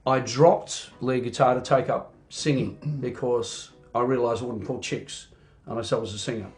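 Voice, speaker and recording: A middle-aged Australian man, a rock singer, chatting in an interview as an animated storyteller who fills his talk with "you know". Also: mid-range voice, moderate pace, faint music behind. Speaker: singer and band frontman. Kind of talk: casual interview chat.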